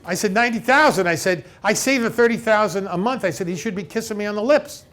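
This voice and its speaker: Chatty, somewhat high-voiced man giving a seminar. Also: quick pace. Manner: animated storyteller who acts out both sides of conversations; checks in with the audience with frequent "okay?". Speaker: elder law attorney giving a seminar. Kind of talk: conversational seminar talk with retold client dialogues. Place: seminar room before a live audience.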